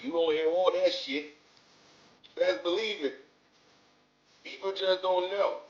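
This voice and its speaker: Reaction host, a man with a high voice, slow and emphatic, echoey room with music playing. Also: fairly even intonation, dull audio. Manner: emphatic, profane, laughs often. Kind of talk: casual reaction commentary.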